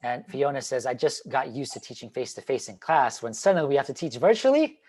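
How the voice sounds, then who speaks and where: Animated male presenter on a video call. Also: mid-range voice, quick pace, slight background noise. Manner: animated, demonstrative, with sudden swings between loud and quiet. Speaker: teacher trainer. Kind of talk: online presentation.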